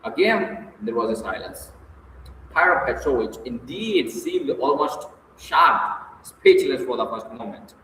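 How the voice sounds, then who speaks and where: Male audiobook narrator, measured; distant mic, faint background noise. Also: mid-range voice, very animated, fairly bright tone. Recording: echoey distant room, long reverb, faint noise.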